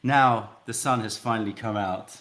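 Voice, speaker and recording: A man hosting a casual live stream from his home, reading out viewer greetings quickly and chatting. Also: lowish voice, steady tone, background noise. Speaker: livestream host. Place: home in London.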